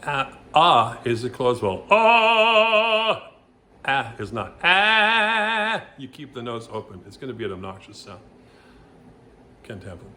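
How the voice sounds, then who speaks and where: A man teaching vocal exercises in a loose, rambling way, with many restarts and loud sung vowel demonstrations. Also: on the low side, moderate pace. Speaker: vocal coach. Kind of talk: casual vocal lesson with demonstrations.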